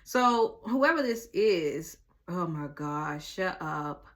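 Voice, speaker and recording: Blunt, animated woman doing a tarot reading. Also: lowish voice, slow pace. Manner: animated, blunt, swears freely, talks straight to the viewer. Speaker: tarot reader. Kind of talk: casual tarot reading to viewers.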